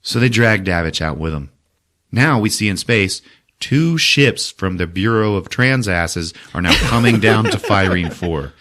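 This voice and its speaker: A man hosting a podcast, giving a profane, animated comic retelling of a movie. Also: lowish voice, unhurried. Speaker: podcast host.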